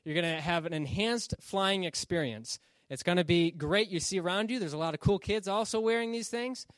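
A man voicing a cheerful female flight attendant who talks up a product with a raised, sales-pitch voice. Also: fairly quick, fairly bright tone, dry recording. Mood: upbeat.

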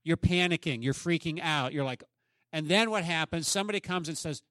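A man's voice: fairly high pitch, animated, brisk, fairly bright tone, dry recording, studio quality. A man preaching a sermon as pastor, emphatic and often asking the congregation questions.

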